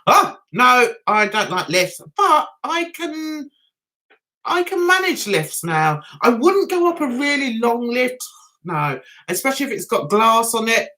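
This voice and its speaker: A woman's voice: on the high side, fairly bright tone. A middle-aged woman hosting a casual livestream, telling an anecdote with giggles and animation. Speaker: YouTube host.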